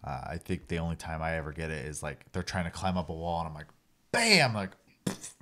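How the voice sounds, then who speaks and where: Casting note: man with a very deep voice in casual gaming chat, patient and explanatory, laying out how things work. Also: fairly even intonation, quick pace. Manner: explanatory, walks through game mechanics step by step. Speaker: podcast co-host.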